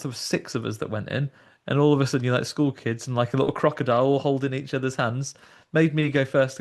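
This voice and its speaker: A man hosting a horror podcast, telling stories in lively casual chat and acting out the voices of the people in them. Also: mid-range voice. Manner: animated storytelling, acts out voices. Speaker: podcast host.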